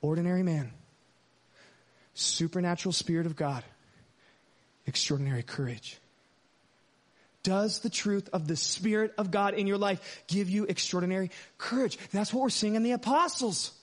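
A man preaching a storytelling sermon, swinging from hushed asides to loud, emphatic lines. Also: high-pitched, normal speed, pauses often. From United States.

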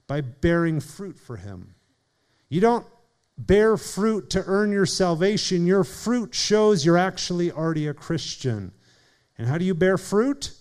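Man, pastor, sermon, earnest, slightly high, smooth clear voice. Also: darkish tone. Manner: earnest preaching, shifting pace and volume for emphasis; addresses listeners by name.

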